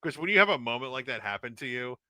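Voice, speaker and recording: A man co-hosting a casual postgame livestream, talking fast and loose with lots of swearing and laughter. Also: mid-range voice, no room sound. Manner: animated, swearing, laughing, mimicking people. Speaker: livestream co-host.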